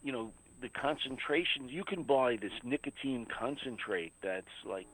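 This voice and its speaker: A man's voice: medium pitch, lively intonation, normal speed, fairly bright tone, slightly rough, low-quality recording. A man who coordinates a local anti-drug alliance, talking earnestly as a radio guest, with many "you know"s and "uh"s. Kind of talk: casual radio interview.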